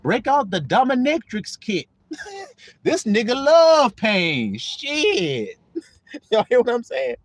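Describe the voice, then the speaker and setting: A man's voice: very high voice, wildly swooping pitch, takes it slowly, dry recording. A man preaching on a livestream in a streetwise, profane style, mocking his listeners, laughing and firing rhetorical questions. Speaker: online preacher and livestream host.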